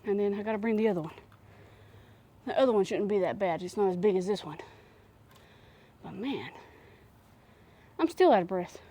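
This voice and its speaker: A woman chats casually to her viewers from her homestead. Her manner is folksy and easygoing. Her voice sits at an ordinary middle pitch. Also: expressive, moderate pace, pauses often, warm tone. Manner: folksy, chatty, talks straight to viewers. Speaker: homesteading vlogger. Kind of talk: casual vlog chat. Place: homestead barn or coop.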